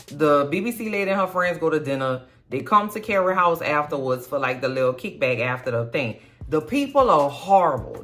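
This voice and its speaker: Low-voiced woman giving a blunt, chatty recap. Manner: blunt, profane, chatty commentary; expressive, swoops high for emphasis. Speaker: TV recap vlogger. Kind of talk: casual TV episode recap.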